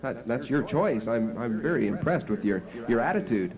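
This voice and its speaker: A man voicing a prim, easily impressed female schoolteacher who gives slow, gushing praise. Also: medium pitch, lively intonation, close to an everyday voice, low-quality recording. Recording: home video with festival crowd.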